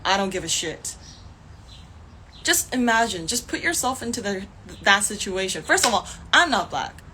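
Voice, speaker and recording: Young woman, fired-up livestream rant, swings up and down in pitch, swears a lot, faint noise behind. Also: very animated, normal speed, pushed and bright. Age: young adult. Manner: angry, heated, swears often, laughs in frustration. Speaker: actor streaming live. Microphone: phone.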